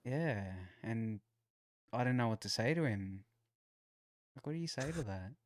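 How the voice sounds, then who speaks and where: A man's voice: medium pitch, expressive, unhurried, dry recording, clean studio sound. A man co-hosting a podcast, chatting casually, laid-back, swearing and joking. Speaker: podcast co-host. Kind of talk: casual chat.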